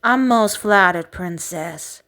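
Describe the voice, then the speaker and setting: A woman's voice: mid-range voice, slow, a bit bright. Velvety Cajun demon bat sorceress, languid and purring; woman reader doing the voice. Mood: sultry. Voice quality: smooth, velvety. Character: sultry hellborn bat enchantress woman.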